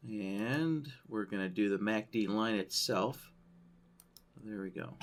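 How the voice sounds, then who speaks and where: A man walking through a trading-software tutorial on a screen share, thinking aloud and checking in with "right?" as he goes. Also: on the low side, slow pace. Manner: loose, thinking aloud, frequent "right?" tags. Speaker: software trainer.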